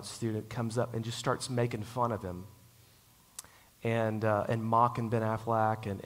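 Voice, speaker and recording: A man preaching a sermon in a conversational, storytelling way, slowing down to stress key lines. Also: mid-range voice. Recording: long hall reverb.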